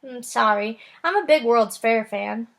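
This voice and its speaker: Woman reading as a bookish schoolgirl, eager, knowing, slightly high voice, a little gravelly. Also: expressive, a little slow. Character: eager bookish girl, about twelve.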